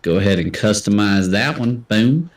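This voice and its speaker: A man's voice: fairly low pitch, expressive, moderate pace, echoey room, far from the mic. A man hosting a casual livestream trivia game, chatty and self-deprecating as he reads out answers. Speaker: trivia host.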